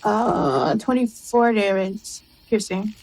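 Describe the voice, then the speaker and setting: A woman's voice: medium pitch, expressive, takes it slowly, a little mellow, rough recording. A woman playing a tabletop role-playing game, thinking aloud about her moves and cracking jokes. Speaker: player. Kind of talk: casual tabletop play.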